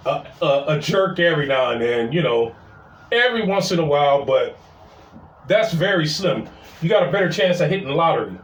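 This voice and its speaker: High-pitched guy telling a story casually, animated, echoey room, kinda far from the mic. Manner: animated, repeats "I was like". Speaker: storyteller, city parking attendant. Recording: roomy sound from a distance.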